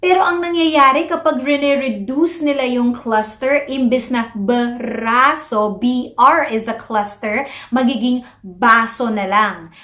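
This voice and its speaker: A Filipino woman who is a speech-language pathologist explains children's speech to parents, mixing English and Tagalog and slowly modeling words. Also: sits high, a bit bright, reverberant. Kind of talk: educational talk to parents.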